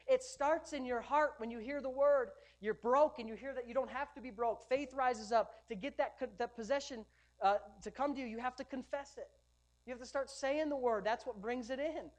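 A woman pastor delivering an emphatic, rhythmic sermon. Her voice sits a little higher than most, and she breaks into lighthearted asides between her points. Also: darkish tone.

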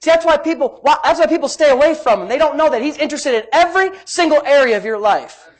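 Her voice sits high, with lively intonation and a quick pace, as she preaches a sermon. She alternates between loud emphasis and hushed asides while sharing homey stories and laughter.

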